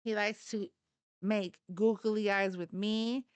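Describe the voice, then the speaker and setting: A woman's voice: mid-range voice, steady tone, slow. A woman hosting a casual livestream, chatting in a rambling way and addressing her viewers directly. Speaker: livestream host.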